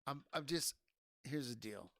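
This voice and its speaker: A drunk man rants on his stream, angry and profane, stopping and restarting as he goes. His voice is gravelly and his pace is slow and dragging, and the sound is dry and close. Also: medium pitch, expressive, sharp tone, no echo. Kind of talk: ranting casual stream talk.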